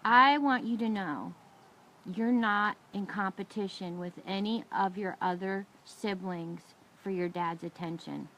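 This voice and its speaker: A middle-aged woman co-hosting a faith talk show, telling an emotional personal story with lively, expressive delivery and asking her listener questions. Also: medium pitch, unhurried, a little hiss or hum, poor audio. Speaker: ministry show co-host. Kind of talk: testimony and encouragement talk.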